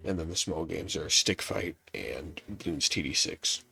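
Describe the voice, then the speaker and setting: Young man, congested, very low voice, gravelly, rambling casual gameplay chat. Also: measured pace, sharp tone, soft background music. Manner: rambling, offhand, self-deprecating. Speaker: gaming youtuber. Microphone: laptop setup.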